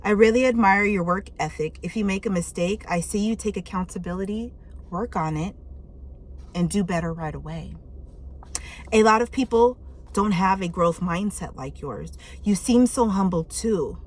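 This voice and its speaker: A woman's voice: mid-range voice, moderate pace, slight background noise. Candid woman doing casual tarot chat. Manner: candid and loose, swears freely, reacts aloud. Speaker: tarot reader. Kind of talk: casual chat reading viewer messages.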